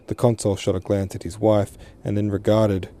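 Low, dark-voiced male narrator. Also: level tone. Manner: measured, with occasional self-corrections. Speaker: podcast host and reader. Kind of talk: audiobook narration of a classic novel.

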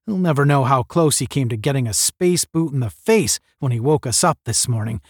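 A man's voice: mid-range voice, expressive, a little fast, no echo, studio quality. A man voicing a tired young male space cadet in a story, weary and grumbling.

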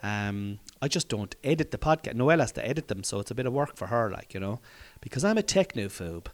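A man's voice: medium pitch, very animated, a little fast. A man hosting his own comedy podcast, talking in a rambling, jokey way and swearing casually, recorded in a room at home.

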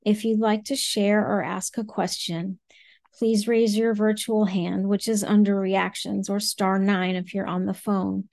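A woman's voice: mid-range voice, flat delivery, unhurried, a little mellow, dry recording. A woman chairing a support meeting over a video call, politely reading out the guidelines. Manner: orderly, polite.

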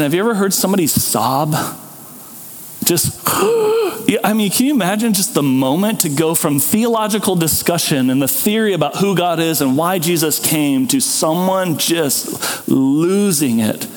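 Animated male pastor in a reverberant hall. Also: fairly high pitch. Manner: animated storytelling, acts out people's thoughts. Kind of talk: sermon. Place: church hall.

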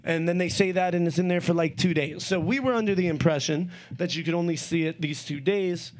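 This high-pitched male host chats loosely from home, a little stoned. His stories wander and are full of swearing. He talks the way a man does when hanging out with friends. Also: fairly quick. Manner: rambling, profane storytelling. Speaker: podcast host. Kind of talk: casual chat.

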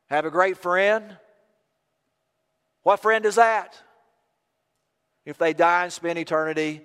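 An older man preaches with fervor, his fairly high voice climbing to loud, emphatic peaks. His tone is smooth and resonant. Long reverb trails each phrase, as in a large sanctuary. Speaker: pastor. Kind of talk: sermon.

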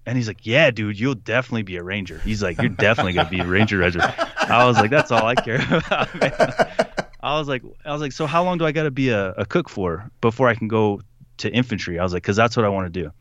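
A young man telling a story in casual conversation, animated, putting on voices for the people he quotes and laughing often. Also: fairly low pitch, fast talker. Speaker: podcast guest.

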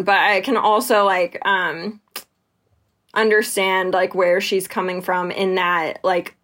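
A woman's voice: medium pitch, fairly bright tone. A woman co-hosting a podcast, chatting casually about a book with lots of fillers and acted-out quotes. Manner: chatty, many fillers, acts out quoted lines. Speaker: podcast co-host.

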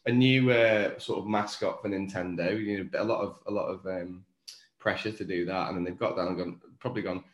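A man with a Wirral accent co-hosting a casual chat, thoughtful and musing, his voice often trailing quieter. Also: sits low, fairly even intonation, fairly quick. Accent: Wirral, Merseyside. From England. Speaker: podcast co-host. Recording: roomy echo.

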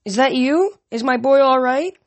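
A woman reader voicing a frail, unstable old mother who calls out in a high, quavering, pleading voice in a storybook. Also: moderate pace, lightly acted.

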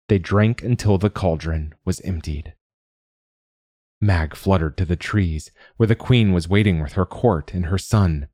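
A man reading a fantasy story aloud in a measured, deliberate way as a podcast narrator. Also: low voice, a little mellow, dry recording, studio quality. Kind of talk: scripted narration.

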